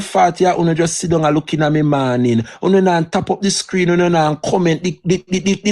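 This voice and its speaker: A Jamaican man hosting a political live stream, talking straight to his viewers. He preaches with heat, his voice sitting somewhat high, and mixes patois into standard English. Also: fairly even intonation, brisk, few pauses, darkish tone. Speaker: political livestreamer.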